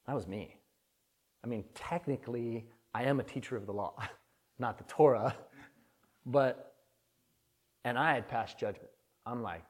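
A man's voice: medium pitch, animated, normal speed. A man preaching a conversational sermon, telling a personal story in an earnest, candid way that swells with feeling.

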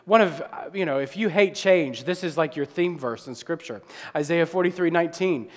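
A man in his thirties preaching a sermon to his church congregation, animated and joking with the crowd. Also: on the high side, normal speed. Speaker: pastor. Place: church sanctuary. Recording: long hall reverb.

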